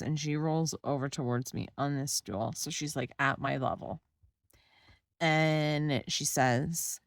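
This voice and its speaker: A woman's voice: low voice, dry recording. A woman in her thirties telling her own story of a hard diagnosis in a candid, emotional way, acting out what others said in quoted lines. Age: 30s. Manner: casual with frequent fillers like "like" and restarts. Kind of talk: personal storytelling to camera.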